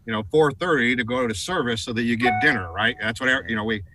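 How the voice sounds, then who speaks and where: A man's voice: medium pitch, fast talker, background noise. A middle-aged American man, a guest on a TV talk show, telling a story animatedly and putting on voices for the people he quotes. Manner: animated, raises voice for quoted lines. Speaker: guest, advertising executive. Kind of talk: storytelling in a TV interview.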